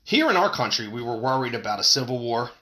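A man giving a profane, angry political rant, with big swings in pitch when he stresses a point. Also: big pitch swings, quick pace, sharp tone. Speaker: political commentator.

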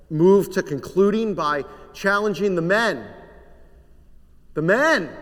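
A male pastor preaching a sermon in earnest tones, dropping to a hush on solemn lines. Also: a little high. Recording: long hall reverb.

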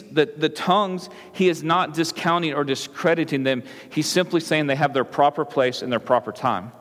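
A male pastor with a fairly high voice, preaching in an easy, conversational style. He checks in with "right?" and restarts his phrases as he goes, and his voice rings out with a long reverb across a large hall. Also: a bit bright. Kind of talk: sermon.

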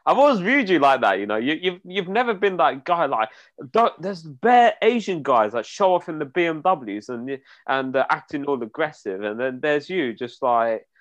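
A young man bantering excitedly and teasing on a casual podcast. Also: a little high, normal speed. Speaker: podcast co-host.

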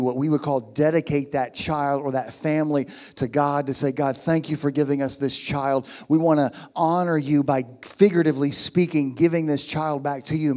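A man's voice: mid-range voice, darkish tone. A man preaching a sermon as pastor, emphatic and repeating his key phrases.

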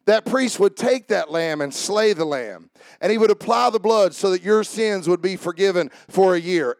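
A man preaching a sermon as pastor, building up to shouting and dropping into mock-calm voices for jokes. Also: sits high, no echo.

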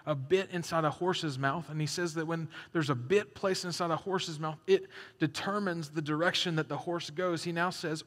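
A young adult man preaching a sermon as a pastor, animated, dropping to a hush and rising loud, acting out the quotes he reads. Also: fairly high pitch, moderate pace, hardly any pauses. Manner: animated, swings from hushed to loud, acts out quotes. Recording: echoey hall reverb.

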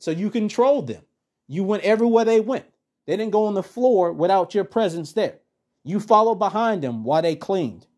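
A man hosting a podcast, ranting bluntly with heavy profanity and telling a story in a casual, animated way. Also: sits high. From Texas. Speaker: podcast host. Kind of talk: profane political rant and storytelling.

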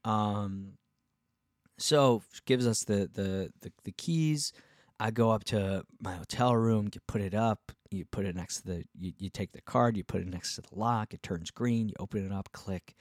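A touring musician telling a casual story, rambling with frequent restarts and acting out what other people said. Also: male voice, on the low side, normal speed, dry recording, studio quality. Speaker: touring musician and podcast host.

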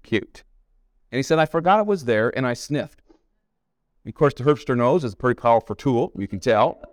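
A man's voice: medium pitch, animated, moderate pace, no room sound, clean studio sound. A middle-aged man preaching a sermon, telling family stories in a folksy way and repeating himself for emphasis. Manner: folksy storytelling with emphatic repetition. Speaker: pastor. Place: camp meeting hall.

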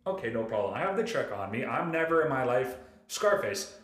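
A man's voice: medium pitch, a little fast, reverberant. A man hosting a podcast, ranting in casual chat with lots of swearing. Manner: animated, profane ranting. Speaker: podcast host.

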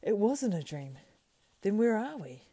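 A woman's voice: lowish voice, big pitch swings, moderate pace, creaky, mellow, breathy edge, no room sound, heavily acted. A woman voicing a cheerful, homely young male hobbit servant who talks eagerly and plainly, in a storybook reading. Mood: alarmed. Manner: eager, plain-spoken, country folksy.

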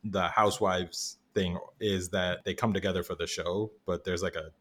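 A podcast co-host chatting casually and complaining in an exaggerated, expressive way. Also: deep voice, moderate pace.

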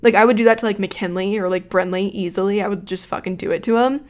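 A young adult woman hosting a podcast from a room at home talks fast in a mid-range voice with fairly even intonation. She tells a story casually, rambling, swearing, and poking fun at herself.

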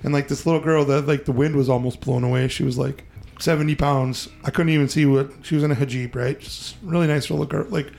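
A man hosting a podcast, telling a story in a casual, profane, animated way and acting out the voices he quotes. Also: a little high, vocal fry. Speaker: podcast host.

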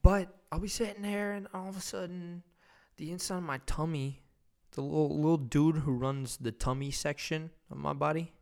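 A man's voice: on the high side, steady tone, moderate pace, creaky, darkish tone. A young man hosting a solo comedy podcast, rambling and self-mocking, swearing constantly. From Wisconsin. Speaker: podcast host.

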